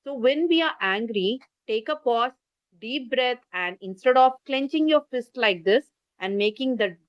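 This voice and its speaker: A woman's voice: a little high, expressive, measured pace, no echo. A woman with an Indian English accent giving an online parenting class over a video call, explaining with gestures and asking listeners to type in the chat. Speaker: parenting workshop speaker. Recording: muffled lo-fi video call audio.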